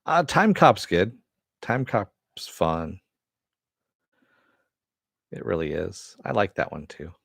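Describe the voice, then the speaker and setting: A man's voice: sits low, sing-song, slow, gravelly, long pauses, fairly bright tone, husky, no echo, studio quality. A man hosting a casual live-stream chat, answering viewers and swearing now and then. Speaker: host.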